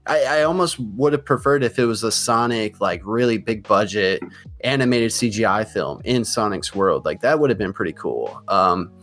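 A man hosting a podcast, asking loose questions in a relaxed, easygoing way. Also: fairly low pitch, normal speed, faint music behind. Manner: relaxed, asks loose questions, laughs easily. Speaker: podcast host. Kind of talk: casual podcast interview.

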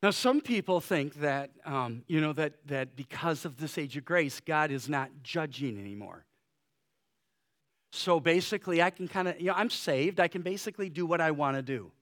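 A male pastor preaching a sermon, shifting between loud urgent exhortation and soft, quiet pleading, with conversational fillers. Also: a little high, lively intonation, normal speed.

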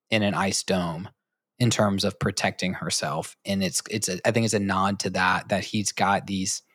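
Podcast co-host, male, low voice, eager rambling delivery, dry close-mic sound. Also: fairly bright tone, no room sound. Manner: rambling, enthusiastic, lots of fillers. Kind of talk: casual chat about a cartoon.

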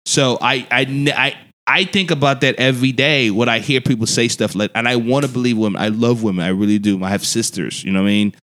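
A man telling a long personal story in a podcast chat, animated and profane, acting out the voices he quotes. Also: medium pitch, fast talker. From Louisiana. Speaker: podcast guest. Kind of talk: casual storytelling.

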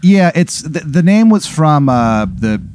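A man improvising a comedy story in a rambling, animated way, full of fillers. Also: fairly high pitch, unhurried, clear, resonant tone, no echo.

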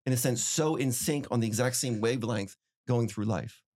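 A middle-aged man co-hosting a podcast, telling stories in an animated way and repeating phrases for emphasis. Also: mid-range voice, moderate pace. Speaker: podcast co-host. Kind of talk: casual podcast chat.

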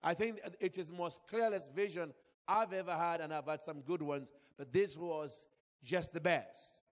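A man's voice: fairly high pitch, measured pace, in a large hall. A man from Zambia preaching a sermon, telling a personal story with feeling and calling out to the congregation. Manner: emotional storytelling, calls out to congregation.

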